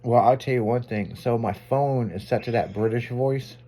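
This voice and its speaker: A man's voice: mid-range voice, dark tone. Profane, laid-back male radio host. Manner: loose, profane, quick to laugh. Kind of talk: casual chat.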